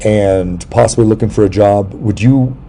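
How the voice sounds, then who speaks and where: A middle-aged man hosting a casual interview chat, telling rambling, jokey stories and breaking into sudden loud yelps. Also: on the low side, normal speed, slight background noise. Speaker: podcast host.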